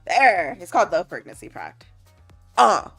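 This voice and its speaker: A woman's voice: fairly low pitch, unhurried, vocal fry, husky, soft background music. Playful, laughing woman streamer. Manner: laughs often, reads chat aloud and answers it; playful, teasing, animated. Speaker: livestreamer. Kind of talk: casual livestream chat.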